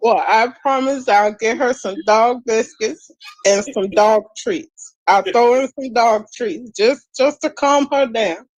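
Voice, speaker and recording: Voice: mid-range voice, slow pace, no echo, rough recording. A panelist on a casual live stream, trading playful banter with the host.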